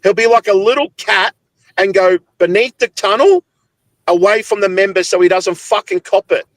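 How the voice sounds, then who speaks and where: Sweary, high-pitched Australian man ranting. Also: normal speed, fairly bright tone, dry recording, rough recording. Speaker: football podcast host. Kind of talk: heated post-game rant.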